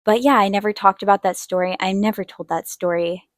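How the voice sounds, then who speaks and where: A young woman hosting an art video, telling a personal story in a chatty way and acting out quotes in a higher voice. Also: fairly even intonation, a little fast, no echo, clean studio sound. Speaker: art channel host. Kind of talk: casual storytelling while drawing.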